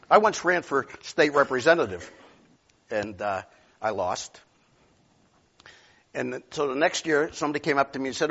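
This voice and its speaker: A male pastor preaching a sermon, telling stories and swinging from loud outbursts to near whispers. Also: medium pitch, animated, normal speed, pauses often, slightly rough, dull audio.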